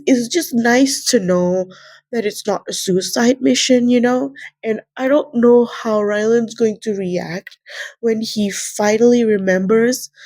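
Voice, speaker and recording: In this dry recording, a young book vlogger with a fairly high, husky voice and a darkish tone rambles on about a novel. The casual reading vlog turns emotional, and she cries, tearing up now and then.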